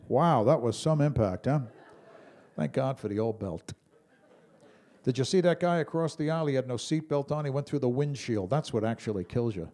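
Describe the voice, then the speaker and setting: A man performing a stand-up comedy routine on stage, telling stories with lively impressions of other people. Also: mid-range voice, moderate pace. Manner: animated storyteller, mimics calm pilots and a Brooklyn guy. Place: stage before a live audience.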